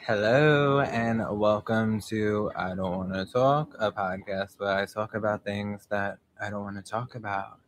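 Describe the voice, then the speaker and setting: A man's voice: on the low side, steady tone, a little slow, few pauses, slight background noise. A young man hosting a casual live podcast outdoors, rambling with many fillers and casual swearing. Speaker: podcast host.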